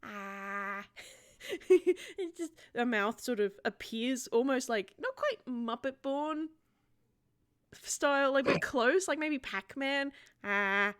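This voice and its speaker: A woman game master describing scenes at a tabletop session. She narrates gently and giggles often, with a high voice. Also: lively intonation, takes it slowly, clean tone.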